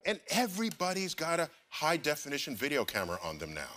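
A man in a played clip, making an animated argument. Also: on the high side, fast talker.

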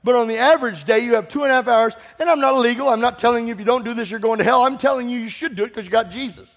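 A man preaching a sermon in a church, impassioned and swelling into shouts, putting direct questions to the congregation. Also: extremely high pitch, rapid-fire. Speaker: pastor.

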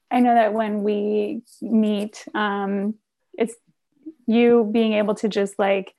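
Creaky-voiced woman hosting a podcast. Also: mid-range voice, a little mellow. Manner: reflective, thinks aloud with many fillers. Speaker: podcast host. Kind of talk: casual conversation.

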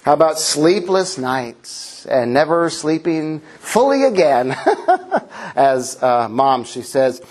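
A middle-aged pastor gives a humorous sermon in a church, his voice sitting a touch high for a man. He is playful and now and then acts out a child's shouts. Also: very animated, slow pace.

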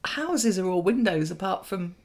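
A woman co-hosting a podcast. She chats in a rambling way and giggles easily, and her voice sits at a middle pitch. She speaks into a studio microphone. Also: animated, moderate pace, darkish tone, husky. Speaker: podcast co-host. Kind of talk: casual chat.

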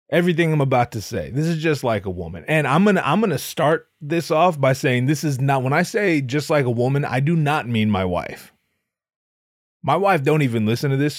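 A man's voice: mid-range voice, no echo. Male comedy podcaster, profane and rambling, mock-boastful storytelling, dry sound. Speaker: podcast host.

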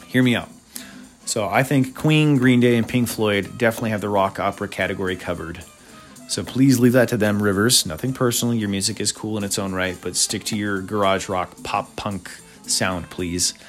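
A man hosting a casual podcast, talking through albums in a laid-back, chatty way with lots of filler uhs and opinionated asides. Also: on the low side. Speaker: podcast host. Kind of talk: casual music review monologue.

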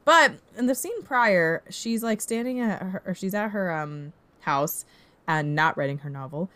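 Woman chatting about a movie, smooth voice, a bit low, says "like" a lot and acts out the lines. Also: unhurried. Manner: animated retelling with acted-out quotes; many "like" fillers. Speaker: podcast co-host reviewing a movie. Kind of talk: casual chat.

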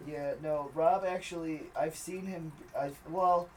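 A man's voice: a little high, fairly even intonation, a little slow, recorded from a distance, a little hiss or hum. A man co-hosting a podcast, chatting casually in a crude, profane, teasing way in an indoor room. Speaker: podcast co-host. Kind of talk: casual joking chat.

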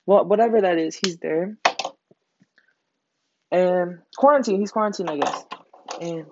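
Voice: mid-range voice, unhurried, background noise. Rambling, slangy teen podcaster, lo-fi. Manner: rambling, slangy, heavy swearing. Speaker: podcast host. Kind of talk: casual storytelling monologue. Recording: dull lo-fi recording.

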